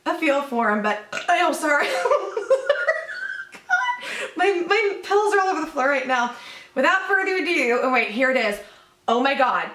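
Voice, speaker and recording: Woman YouTuber, high bright voice, sweary, giggly, rambling commentary; echoey home room. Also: huge pitch swings, unhurried. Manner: rambling, profane, laughing and sarcastic. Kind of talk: casual commentary vlog.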